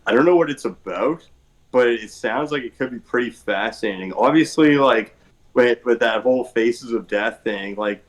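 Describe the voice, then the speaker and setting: A man's voice: medium pitch, normal speed, poor audio. A man on a podcast panel, chatting casually and explaining at length in a rambling, meandering way. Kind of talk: casual chat.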